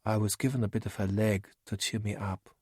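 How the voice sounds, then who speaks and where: A man's voice: lowish voice, steady tone, fairly quick, darkish tone, breathy edge, no room sound, studio quality. A man voicing a simple, childlike cave creature who talks in a naive, earnest way in a storybook.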